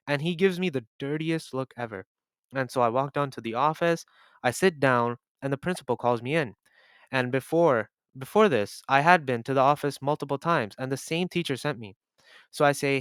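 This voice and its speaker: Young dude ranting a story time over gameplay, smooth voice, dry close sound. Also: male voice, medium pitch, expressive, fairly quick, fairly bright tone, no room sound. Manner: casual, exasperated storytelling with swearing. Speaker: YouTuber.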